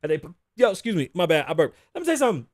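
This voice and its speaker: A man in his thirties hosts a podcast from a home studio desk in a high, sing-song, darkish voice that comes out rapid-fire. His casual talk is rambling, profane, and full of laughter, captured in a dry, studio-quality recording.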